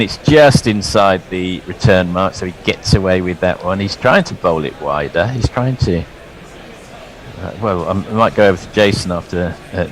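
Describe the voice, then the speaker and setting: A man calling ball-by-ball cricket commentary in a lively, chuckling way, bringing in his co-hosts. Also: low-pitched, slight background noise, rough recording.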